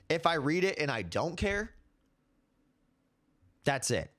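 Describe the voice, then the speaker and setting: A man's voice: on the high side, big pitch swings, slow, a bit bright. A man in his twenties hosting his own commentary show, ranting heatedly and repeating himself. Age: 20s. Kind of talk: casual opinion commentary.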